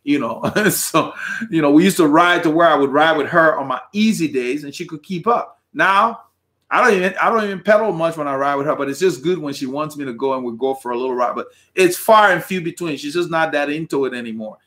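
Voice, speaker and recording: A man's voice: a little high, fairly quick, a bit bright. Chatty middle-aged man, rambling cheerfully. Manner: rambling and conversational, with chuckles. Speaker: host of a cycling channel. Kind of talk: live-stream chat reading viewer comments.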